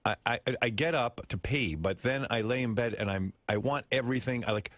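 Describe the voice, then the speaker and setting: A man's voice: mid-range voice, brisk, a bit bright, dry recording. A man hosting a radio show, telling a long, rambling, profane story in casual chat from the studio.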